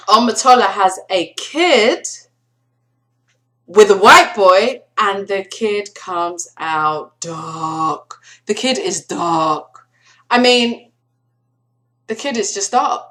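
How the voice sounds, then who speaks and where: A woman talks straight to camera in a casual review, her voice bright and forceful. She is animated and sarcastic, stretching her words for dramatic effect, with a pitch that sits in the middle of the range. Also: extremely slow, long pauses. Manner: animated, sarcastic, exaggerated emphasis. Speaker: film reviewer.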